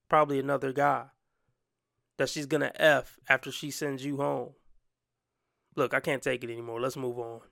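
A man comments on a clip, and his talk is blunt, crude and full of mockery. His voice has a gravelly, fried edge. The sound is dry and close. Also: mid-range voice, fairly bright tone, no room sound. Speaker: commentary host. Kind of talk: reaction commentary.

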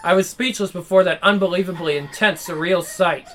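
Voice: medium pitch, brisk, fairly bright tone, slight background noise. Reader narrating a visual novel. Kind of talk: reading a visual novel aloud.

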